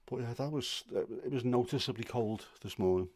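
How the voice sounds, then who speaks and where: Hosting a livestream from home, a middle-aged man chats casually at normal speed in a medium-pitched, slightly mellow voice. His manner is grumbling and self-deprecating.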